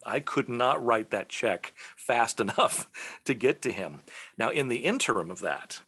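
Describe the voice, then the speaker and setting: Man telling a lively story. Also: mid-range voice, measured pace, slightly rough. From Texas, USA. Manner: lively anecdotes, slips into quoted voices. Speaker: guest voice actor. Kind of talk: casual interview storytelling.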